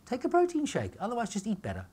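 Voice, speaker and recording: A man's voice: very high voice, huge pitch swings, fast talker, darkish tone, breathy edge. A middle-aged man holds forth at a live seminar. He talks in brash, punchy bursts, cracks jokes, and keeps asking his audience "all right?" before moving on. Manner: brash, punchy, jokey, asks "all right?" and "okay?" often. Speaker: nutritionist giving a talk.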